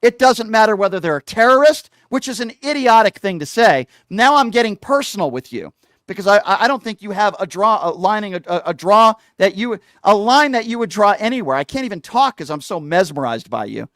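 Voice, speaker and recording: A man's voice: high-pitched, lively intonation, brisk, fairly bright tone, no echo. A middle-aged man hosting a radio call-in show, combative and insulting, hammering the caller with the same question. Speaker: radio talk show host. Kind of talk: heated call-in argument.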